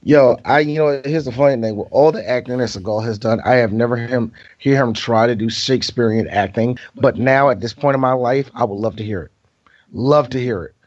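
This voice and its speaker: A man co-hosting a casual movie review podcast, animated and laughing often as he acts out scenes from the film. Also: medium pitch, a little fast. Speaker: podcast co-host. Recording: slightly dull lo-fi audio.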